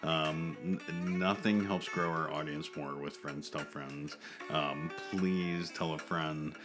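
Very deep-voiced rambling male podcast host. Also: steady tone, slow, over music. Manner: rambling, laughs often. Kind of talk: casual chat.

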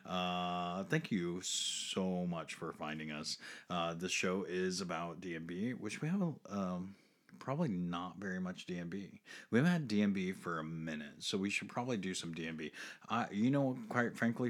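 Deep-voiced rambling male podcast host. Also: normal speed. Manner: rambling, laughs often, repeats words. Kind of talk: casual podcast chat. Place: home basement studio.

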